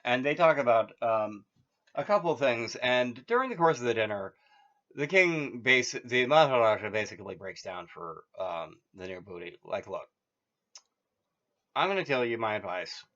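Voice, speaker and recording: Speaking at a moderate pace in a mid-range, slightly bright voice, this man meanders through a casual story full of fillers and false starts, laughing at his own gags. It's a muffled, lo-fi recording.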